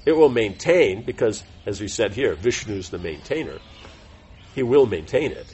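A man's voice: fairly low pitch, expressive, moderate pace, a little mellow, highs cut off, slight background noise. A man teaching a devotional class in an informal, rambling way, full of fillers and self-corrections. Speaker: spiritual teacher giving a class.

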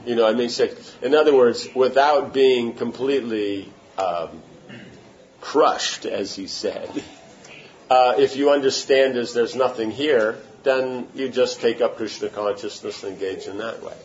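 This spiritual teacher has a mid-range, darkish voice and speaks at a measured pace. His devotional talk is informal and conversational, and he often checks that his point makes sense. Faint room noise sits under a slightly muffled recording.

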